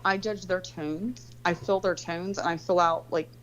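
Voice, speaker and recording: A woman's voice: lowish voice, steady tone, normal speed, muffled recording, a little hiss or hum. A woman telling a story in casual chat, rambling and swearing freely, leaning heavily on "like". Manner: rambling, profane, heavy use of "like".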